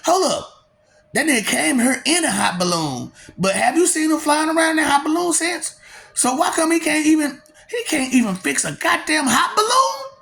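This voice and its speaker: A man doing a rambling comedic monologue, laughing often, swearing and taunting, dropping to low mutters and jumping to high excited bursts. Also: moderate pace, vocal fry. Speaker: vlogger.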